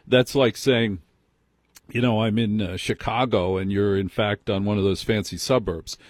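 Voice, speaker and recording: Male talk radio host, self-mocking, casual chat, deep-ish tone, dead-dry studio sound. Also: fairly even intonation, moderate pace, no echo. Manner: wry, self-mocking, talks over the caller. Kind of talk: casual late-night call-in chat. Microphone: studio microphone.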